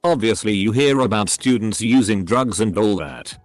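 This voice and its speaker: Reading posts aloud in a steady, scripted narration, a low-voiced man lets his pitch move freely, giving the delivery a lively lilt. Faint, soft music sits beneath him, and he speaks at a normal speed with no echo.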